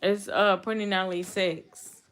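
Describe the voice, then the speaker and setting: A young woman, hosting a casual livestream and answering comments in a hurt, halting way, often repeating herself. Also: medium pitch, steady tone, a bit bright, clean tone. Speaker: livestream host. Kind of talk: casual live chat reading comments.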